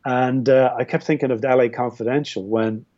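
An Irish filmmaker, a guest on a podcast, talking casually about films in a rambling way with frequent restarts. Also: male voice, medium pitch, fairly even intonation, fairly quick, dark tone. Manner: rambling, with many restarts and fillers. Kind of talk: casual film discussion. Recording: dull, muffled audio.

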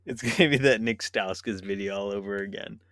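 A man's voice: on the low side, a little fast, fairly bright tone, no echo, clean studio sound. A man co-hosting a casual sports podcast, talking animatedly, laughing and acting out imagined quotes. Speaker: podcast co-host.

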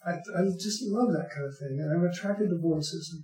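Older male guest, wry rambling storyteller, slightly high voice, echoey room. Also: moderate pace, warm tone. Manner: rambling, wry, chuckling asides. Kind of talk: casual interview chat. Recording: echoey room, faint music.

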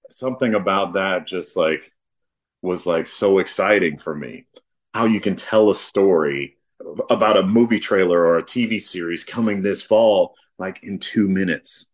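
A man talking casually in an interview, relaxed and rambling, with lots of fillers. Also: low voice. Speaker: guest, artist and father.

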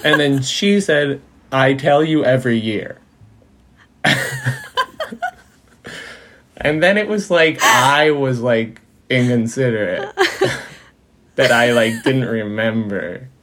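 A man's voice: mid-range voice, takes it slowly, long pauses, fairly bright tone. A man as a podcast guest, telling stories in casual chat, rambling with lots of fillers, laughing, and quoting his mother in her voice. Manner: acts out his mom's voice when quoting her.

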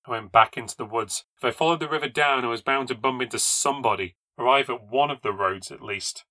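A man reading a first-person ghost story aloud for a podcast, in a measured, low-key storytelling voice that lifts at tense moments. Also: bright, forceful tone, no room sound.

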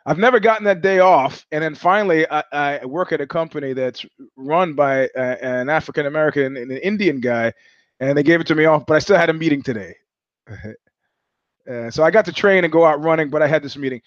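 Casting note: New man, high voice, dry close sound, sardonic profane podcast host. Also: fairly quick, dry recording, lo-fi sound. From New York. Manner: profane, sardonic, animated storyteller who acts out voices. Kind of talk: casual monologue, storytelling.

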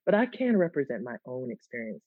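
A woman guest chatting in an interview, animated and quick to laugh. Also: extremely low pitch, breathy edge, no echo. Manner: animated, laughs easily, restarts words. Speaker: guest, content creator. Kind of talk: casual interview chat. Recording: dull lo-fi, dry sound.

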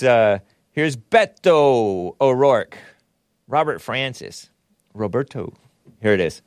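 A man's voice: on the low side, clear, resonant tone, dry recording, clean studio sound. A man hosting a podcast, delivering mocking, sarcastic political commentary and laughing at his own jabs. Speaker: podcast host.

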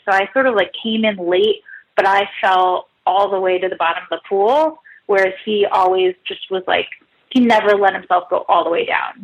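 A writer in her thirties, appearing as a guest on a podcast, chats casually and mocks herself, sprinkling in "like" and side comments. Her voice is mid-range, and the audio quality is poor.

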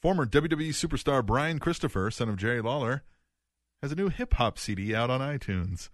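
A man's voice: medium pitch, animated, a little fast, no echo, clean studio sound. A man co-hosting a comedic podcast, reading news items aloud with mock seriousness. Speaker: podcast co-host. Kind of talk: casual comedic podcast chat.

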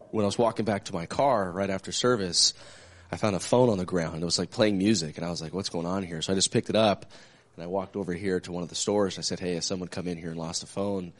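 Deep voiced guy rattling off a story fast, doing the other people's voices. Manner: animated, acts out phone calls. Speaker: church small-group member. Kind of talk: casual storytelling.

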